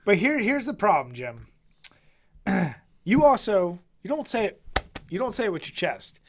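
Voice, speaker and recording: A man's voice: sits high, big pitch swings, a little slow, pauses often, background noise. A young man from Philadelphia with a Philly accent, co-hosting a podcast and teasing his friend in a laughing, profane way. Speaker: podcast co-host. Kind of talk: casual chat.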